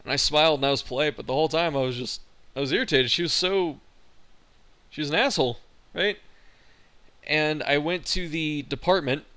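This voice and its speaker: A man's voice: fairly high pitch, brisk, pauses often, sharp tone. A young man, a college student, telling a frustrated and profane story in a casual vlog. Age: young adult. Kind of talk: casual venting monologue.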